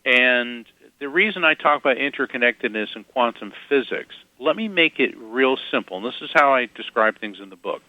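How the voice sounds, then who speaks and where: A man guesting on an interview, telling lively anecdotes with quick asides and chuckles. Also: mid-range voice, no echo, narrow, tinny audio. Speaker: guest psychic medium. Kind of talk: casual interview storytelling.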